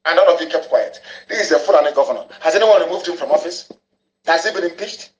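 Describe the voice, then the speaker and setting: Ranting high-voiced man. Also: fast talker. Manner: angry, ranting, repeats phrases for emphasis. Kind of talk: impassioned broadcast monologue. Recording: echoey room, dull lo-fi audio.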